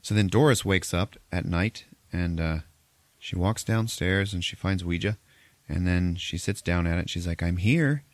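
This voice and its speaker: A man's voice: sits low, steady tone, normal speed, dry recording. A man hosting a podcast, recapping a movie in a loose, profane, rambling way with frequent laughs. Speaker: podcast host.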